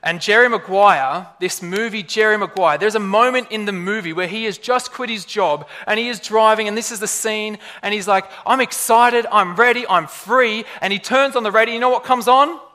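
Man, preacher, sermon, high bright voice, animated and chatty. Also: fairly quick, hardly any pauses, in a large hall. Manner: animated, conversational, with rhetorical questions.

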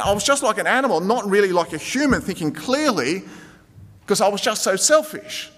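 Pastor preaching in a reverberant hall. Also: male voice, fairly high pitch. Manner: earnest, rising to emphatic then dropping very soft. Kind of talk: sermon. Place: church.

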